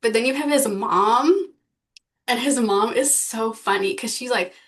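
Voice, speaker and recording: A woman's voice: a little high, measured pace, fairly bright tone. A woman co-hosting a podcast, talking casually and filling her speech with likes and laughs. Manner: chatty, many "like" fillers, laughs often. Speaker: podcast co-host. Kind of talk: casual chat.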